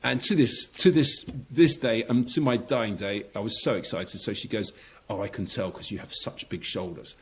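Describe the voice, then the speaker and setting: Animated middle-aged man telling a story. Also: mid-range voice, fairly quick. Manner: animated anecdote teller who acts out the scene. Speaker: guest, former competitive swimmer. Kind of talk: casual storytelling interview.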